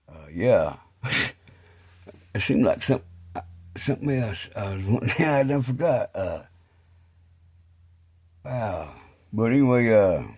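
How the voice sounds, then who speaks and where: A middle-aged man telling rambling, casual stories, full of fillers like "man" and "you know," and turning low and quiet when he speaks of faith. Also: husky.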